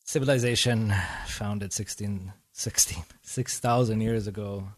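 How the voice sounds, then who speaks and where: A man from Iran who grew up in Sweden, a guest chatting in a relaxed, rambling way on a podcast. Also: fairly low pitch, measured pace. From Iran, raised in Sweden. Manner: relaxed, rambling, frequent laughs. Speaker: guest musician. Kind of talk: casual podcast chat.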